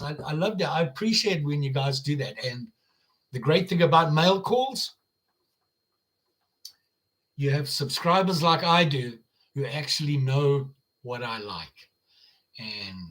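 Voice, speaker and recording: Hosting a live stream on his channel, an older American man with a Midwestern accent chats casually, rambling along with fillers and false starts. His voice is mid-range and a bit bright.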